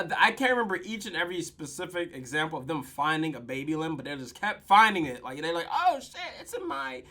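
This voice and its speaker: A young man hosting a podcast, casually recapping a TV episode in animated, profane slang and acting out the characters' lines. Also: fairly high pitch.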